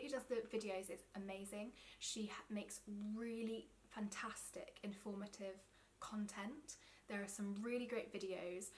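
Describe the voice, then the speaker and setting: A woman's voice: mid-range voice, a little hiss or hum. Chatty English woman vlogging about knitting. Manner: chatty, enthusiastic, with many ums and side notes. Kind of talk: casual chat to camera.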